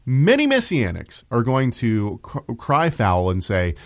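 A man's voice: mid-range voice, wildly swooping pitch, measured pace. A man hosting a podcast, chatty and full of restarts and asides as he reads out listener mail. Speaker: podcast host. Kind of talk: casual podcast talk.

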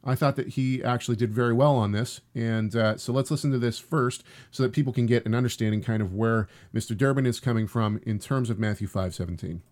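A man's voice: medium pitch, a little fast, hardly any pauses, darkish tone. A man hosting a show, casually commenting on a video clip, with a hesitant way of talking. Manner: hesitant, many restarts and fillers. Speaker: host.

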